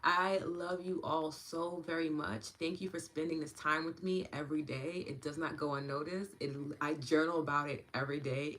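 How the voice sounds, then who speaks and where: Bright-voiced, effusive woman host. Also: low-pitched. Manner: effusive and affectionate, thanking viewers one by one; soft and hushed while guiding. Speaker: EFT and meditation guide, livestream host. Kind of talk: guided EFT session and casual livestream chat.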